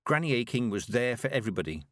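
A man's voice: medium pitch, sing-song, fast talker, dry recording, clean studio sound, lightly acted. Male reader plays a young girl witch apprentice: earnest, questioning. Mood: wistful.

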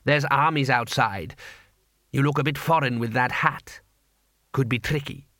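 A man's voice: medium pitch, measured pace, sharp tone, no echo, clean studio sound. A man voicing a shrewd, casual male street trader who talks in an offhand, unbothered drawl. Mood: musing.

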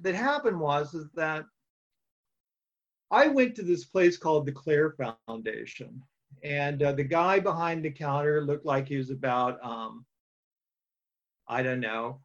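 A man's voice: on the high side, fairly bright tone, muffled recording. A man giving a personal testimony at a recovery meeting, telling his story plainly with dry humor and frequent fillers.

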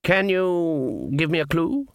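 A man voicing an officious male guard captain who speaks in a slow, condescending way. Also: a little high, expressive, dry recording, clean studio sound, pitched above the performer's own voice.

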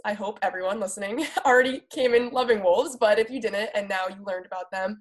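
A woman's voice: on the high side, a little fast, few pauses. A woman from the US East Coast who hosts an interview, chatting casually and laughing often. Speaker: podcast host.

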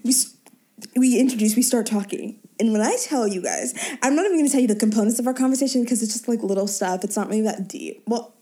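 A woman's voice: fairly high pitch, quick pace, mellow. A young woman co-hosting a podcast, telling a story in casual chat with lots of laughing. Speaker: podcast co-host.

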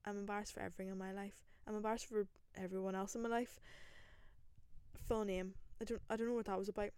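A young Northern Irish woman hosting a podcast, telling a story in a lively, self-mocking way, full of rambling asides, into a single microphone. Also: mid-range voice, fast, clear, resonant tone, no room sound. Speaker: podcast host. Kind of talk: casual solo storytelling.

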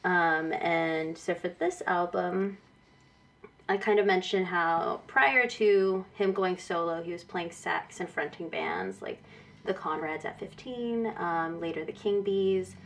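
A woman's voice: fairly low pitch, takes it slowly. A woman in her thirties from Texas, a guest artist chatting casually with frequent laughter. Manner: giggly, chatty, lively. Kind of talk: casual chat.

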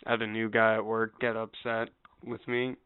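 A man's voice: fairly low pitch, completely flat delivery, normal speed, clear, resonant tone, no echo. A man co-hosting a podcast, joking with crude, profane humor. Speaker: podcast co-host. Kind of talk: crude comedic chat. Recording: dry, phone-like lo-fi sound.

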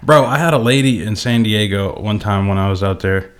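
A man's voice: on the low side, a little fast, clear, resonant tone. Storytelling Kentucky man saying "bro". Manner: animated storyteller, swears a lot, says bro. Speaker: podcast co-host. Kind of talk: casual chat.

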